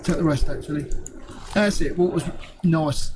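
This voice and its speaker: Man, gameplay commentary, rather high voice, chatty and muttering, noisy background. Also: normal speed. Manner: chatty, muttering to himself, swears lightly. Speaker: gaming video host.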